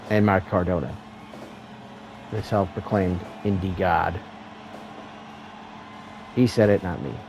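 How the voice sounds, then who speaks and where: Mellow-voiced wrestling commentator. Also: male voice, fairly low pitch, a little hiss or hum, poor audio. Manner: excitable play-by-play, rising to shouts at near-falls; self-deprecating asides. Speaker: host and play-by-play commentator. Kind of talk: solo wrestling video game commentary.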